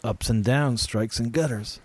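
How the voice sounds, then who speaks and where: A man's voice: medium pitch, measured pace, a little mellow. A man co-hosting a podcast, bantering in a joking, profane, playful way. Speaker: podcast co-host. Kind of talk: casual banter.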